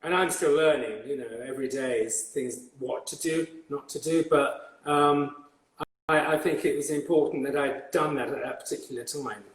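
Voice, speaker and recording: An older English man with a refined, old-fashioned upper-class accent tells stories in a relaxed interview. He talks in a rambling, halting way, full of repeats and fillers. His voice sits a little high for a man and rings in an echoey room. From England. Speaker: guest hairdresser. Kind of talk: conversational interview.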